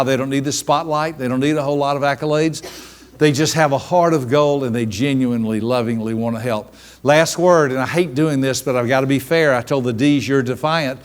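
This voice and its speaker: A middle-aged man, a business coach, telling funny family stories at a seminar and acting them out with lively energy. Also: fairly high pitch. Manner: animated storyteller who acts out his stories. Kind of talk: humorous seminar talk with personal stories.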